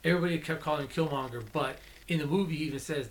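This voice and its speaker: Speaking quickly in a slightly high, bright voice, a man reviews a movie in a relaxed, talkative way, eagerly catching and fixing his own words as he goes. His English is non-native, carrying his own accent. A little hiss or hum runs under the recording.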